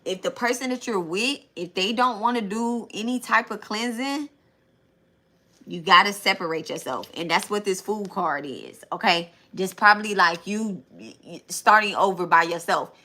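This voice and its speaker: A woman's voice: medium pitch, normal speed, sharp tone. A young adult woman hosting a live tarot stream, chatting casually and repeating herself as she talks straight to her viewers.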